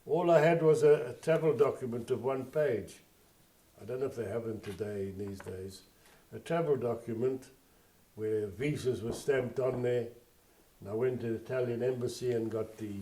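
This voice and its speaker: An older man from South Africa recalls his past in a plainspoken, rambling way. His voice is mellow and warm, at an ordinary pitch. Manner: plainspoken, digressive storytelling. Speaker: interviewee. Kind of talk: oral history interview.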